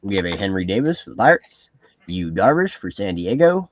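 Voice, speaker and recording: A man with a Canadian accent hosting a live card break and reading off each card in a steady listing rhythm. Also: on the low side, a little fast, highs cut off, a little hiss or hum.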